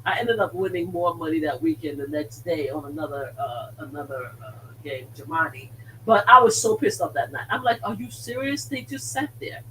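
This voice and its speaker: A woman hosts a live stream in casual storytelling mode, animated and emphatic, hammering her points home by repeating words. She sits a little back from the mic, and a faint hum runs underneath her voice. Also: sits low, moderate pace, recorded from a distance, poor audio. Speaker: host of a slot-gambling live stream.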